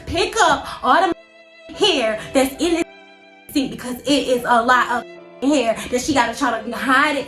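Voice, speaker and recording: A young woman telling a personal story in a casual vlog, animated and slangy, acting out her own panicked thoughts. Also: high voice. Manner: animated, slangy, dramatic inner monologue. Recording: echoey room.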